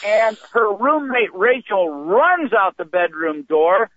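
An older male comedian telling rambling, animated anecdotes as a guest, heard over a phone call. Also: high voice, takes it slowly, no echo. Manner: rambling, animated storytelling with restarts. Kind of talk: anecdotal storytelling. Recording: tinny phone line.

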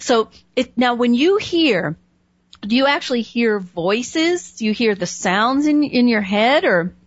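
Animated higher-voiced woman telling stories. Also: a little slow, no room sound, dull audio. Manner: animated storyteller, laughs often. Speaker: host. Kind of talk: conversational interview.

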